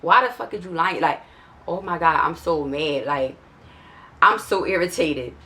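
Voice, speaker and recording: Young philly girl venting a storytime, lowish voice but real bright and sharp, cussing a lot. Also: unhurried. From Philadelphia area. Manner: exasperated, profane, animated storytelling with many restarts. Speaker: vlogger telling a story. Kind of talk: casual storytime.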